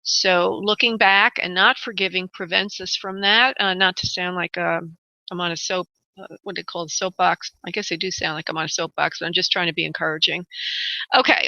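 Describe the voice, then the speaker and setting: A woman's voice: on the low side, vocal fry, pushed and bright, no room sound. A woman hosting a call-in psychic radio show, chatty and rambling, calling callers honey and darling. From United States. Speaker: psychic medium radio host. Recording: dull lo-fi internet radio audio.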